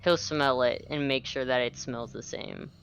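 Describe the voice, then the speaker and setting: A man with a smooth, clear voice, taking his turn in an online tabletop game. He jokes around and hesitates often, with plenty of ums. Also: mid-range voice, fairly even intonation, normal speed, fairly bright tone, lo-fi sound. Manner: joking, hesitant. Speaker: player. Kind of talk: tabletop role-play over video call.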